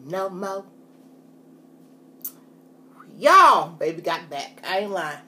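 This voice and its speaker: A woman's voice: fairly low pitch, very animated, a little slow, hardly any pauses, pushed and bright, a little hiss or hum. A woman talking casually to her viewers while eating on camera, chatty and folksy, often saying "y'all". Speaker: food vlogger. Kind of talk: casual mukbang chat to camera.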